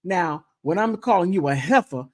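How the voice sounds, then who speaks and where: A woman hosting a casual livestream, chatting playfully and thanking viewers, with high laughs and quiet, sincere asides. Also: expressive, normal speed, dry recording, studio quality. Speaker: content creator hosting a livestream. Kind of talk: casual livestream chat reacting to gossip and viewer comments.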